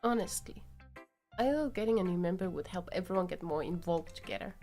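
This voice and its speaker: A woman's voice: on the low side, brisk, dark tone, soft background music, close to an everyday voice. A woman voicing a blunt, irritable teenage girl in a visual novel, curt and scolding. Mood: annoyed. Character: blunt irritable teen girl, sulky and sharp-tongued.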